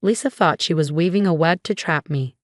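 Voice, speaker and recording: A woman with a low voice narrates a dramatic first-person story in an even, measured way. The sound is dry and close, with no room around it. It is scripted storytelling, steady from line to line. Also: no echo.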